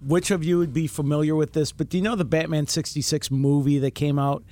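A man's voice: on the high side, fairly even intonation, brisk, darkish tone. A man co-hosting a podcast, telling anecdotes in a rambling way with many fillers. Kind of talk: casual podcast chat.

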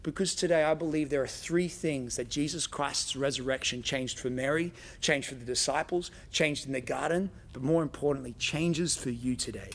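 Gravelly-voiced man preaching a sermon. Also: mid-range voice, normal speed, hardly any pauses, fairly bright tone. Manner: dramatic storytelling, voicing quoted lines. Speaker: pastor.

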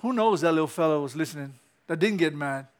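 High-voiced excitable male preacher. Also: fast. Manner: animated, rising to excited peaks with chuckles. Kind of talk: sermon. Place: church.

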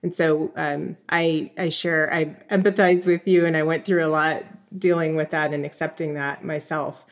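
A woman's voice: low voice, steady tone, moderate pace, few pauses. A woman hosting an interview podcast, speaking to her guest in a supportive, encouraging way. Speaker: podcast host.

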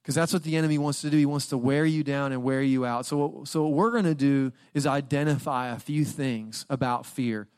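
A young guest preacher tells funny personal stories conversationally, laughing often, before moving into his sermon. His medium-pitched voice is steady, clear and a little mellow with a resonant tone, and he speaks briskly with few pauses.

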